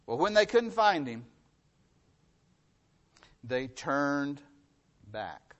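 Delivering a sermon as pastor, a middle-aged man builds through repetition and swings from loud, emphatic lines to hushed, quiet ones. His fairly high voice has big pitch swings and drawn-out words, and the recording cuts off the highs.

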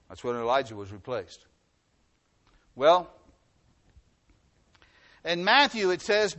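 A male preacher with a slightly raised pitch reads scripture aloud in a sermon. He pushes some lines out loudly and then drops to near-quiet asides. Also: big pitch swings, slow, long pauses. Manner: swings from loud emphatic reading to quiet asides.

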